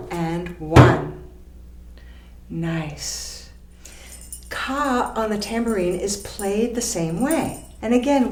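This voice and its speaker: A woman teaching frame drum and tambourine, calling out rhythm syllables and guiding gently and calmly. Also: medium pitch. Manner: calm, slow, encouraging instruction. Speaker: drumming teacher. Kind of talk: instructional lesson with vocal rhythm counting. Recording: echoey room with tambourine and drum. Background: frame drum and tambourine playing.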